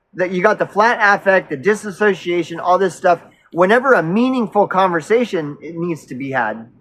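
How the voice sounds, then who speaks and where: A man talks through a personal story in a loose, unscripted monologue. He rambles, interrupts himself and speaks his mind bluntly. His voice sits a little high for a man. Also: a bit bright, rough recording. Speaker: storyteller recounting a past relationship.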